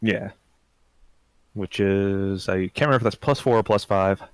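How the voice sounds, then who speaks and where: A young man playing a tabletop game, wry and quick to argue the rules. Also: low-pitched, crowd noise. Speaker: player. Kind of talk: casual tabletop game chat.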